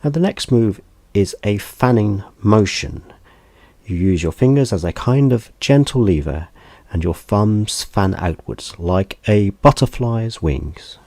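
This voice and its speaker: A man teaching a gentle hand massage, speaking in a soft, unhurried, calm instructional way. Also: fairly low pitch, no echo.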